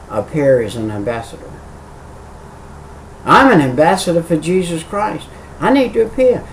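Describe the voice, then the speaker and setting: A man's voice: fairly high pitch, a little mellow, distant mic, a little hiss or hum, low-quality recording. A middle-aged man, an evangelist, preaching a video sermon with earnest, emphatic repetition.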